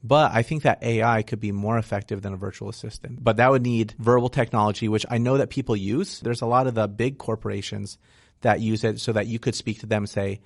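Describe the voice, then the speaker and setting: Brief: man, lowish voice, dry close sound, frank investor guest explaining deals in a casual interview. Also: steady tone, brisk, vocal fry, no room sound. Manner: frank, explanatory, peppered with "right?". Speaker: real estate investor guest.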